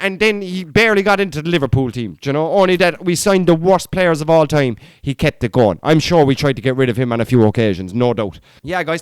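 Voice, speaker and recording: A man's voice: high voice, clean tone, dry recording. A man hosting a casual podcast monologue, blunt and opinionated, who swears freely and rambles with restarts. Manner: rambling, with frequent fillers and restarts. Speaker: podcast host.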